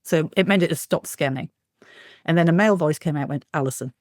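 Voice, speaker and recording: A woman paranormal investigator, telling lively anecdotes as a guest, acting out quotes and laughing often. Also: low-pitched, a little fast, no room sound, clean studio sound. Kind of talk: animated storytelling in an interview.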